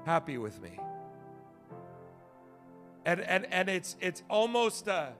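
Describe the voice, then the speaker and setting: A male pastor preaching a sermon, telling stories with big swings from shouting to hushed asides. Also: high voice, slow, music in the background. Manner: animated storytelling, swings from shouting to quiet.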